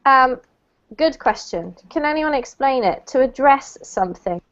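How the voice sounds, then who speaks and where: A woman's voice: high voice, expressive, unhurried, fairly bright tone, highs cut off. A woman teaching an online English class, explaining words patiently and correcting pronunciation.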